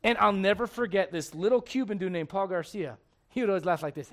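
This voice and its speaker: Guy preaching, chatty and animated, asks the crowd lots of questions, kinda high voice. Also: a little fast, few pauses. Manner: conversational, animated storytelling with rhetorical questions. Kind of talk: sermon.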